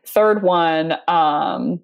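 A woman's voice: sits low, extremely slow, creaky, clean tone, dull audio. A woman guest on a sales podcast, telling anecdotes in a chatty way, laughing often and using lots of fillers. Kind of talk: casual conversational interview.

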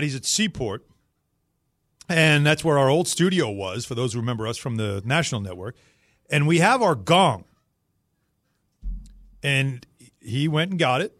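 Lively male sports radio host, dry sound. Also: on the high side, no room sound. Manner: lively, joking, conversational. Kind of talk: casual chat.

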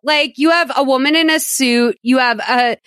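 A woman hosting a podcast who recaps a movie in a casual, animated and profane way. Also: high voice, normal speed, clean tone, dry recording. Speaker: podcast host.

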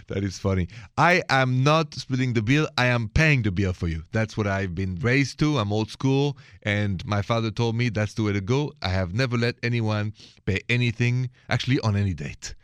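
A man's voice: medium pitch, expressive, normal speed, no room sound, studio quality. A man with a French accent hosting a call-in radio show about relationships, chatty and suave, laughing easily. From France.

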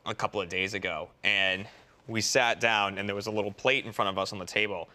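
A man's voice: fairly low pitch, steady tone, brisk, bright, forceful tone. A man from Massachusetts, a podcast co-host telling stories in a dry, understated way. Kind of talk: casual chat.

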